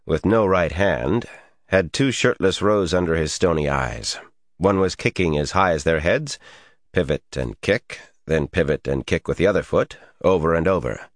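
Deep voiced guy reading an audiobook, lively delivery, dry close mic. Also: no echo. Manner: expressive storytelling. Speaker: narrator. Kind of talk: audiobook narration.

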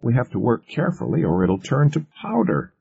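A man's voice: a bass voice, huge pitch swings, extremely slow, creaky, mellow, heavily acted. A man doing a nervous lab technician. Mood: protesting. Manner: cautious, protesting. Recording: muffled lo-fi recording.

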